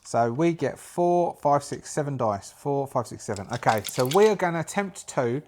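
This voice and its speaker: A man's voice: mid-range voice, expressive, moderate pace, a little mellow, a little hiss or hum. Man narrating a solo tabletop game. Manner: rambling, thinking aloud, many fillers and restarts. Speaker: solo game master and player.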